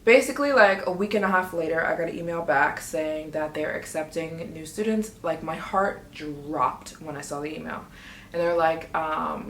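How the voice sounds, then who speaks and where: Chatty, excitable woman vlogger in an echoey room. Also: deep voice, moderate pace, a little hiss or hum. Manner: chatty, excitable, quotes herself often. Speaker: travel vlogger. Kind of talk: casual storytelling vlog.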